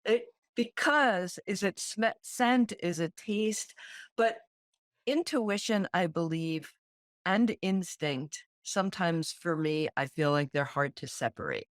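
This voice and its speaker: A woman co-hosting a podcast, talking in a slow, thoughtful way and searching for her words as she reflects. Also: on the low side, expressive, no echo, studio quality. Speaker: podcast co-host. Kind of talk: reflective casual conversation.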